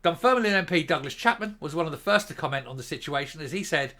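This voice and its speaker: A Northern Irish man ranting through his own commentary, blunt and scornful, with a sarcastic edge and the odd swear word. His voice sits a little high and swings up and down a lot. The tone is bright and sharp. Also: expressive, fast talker. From Northern Ireland. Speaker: host of a political commentary channel.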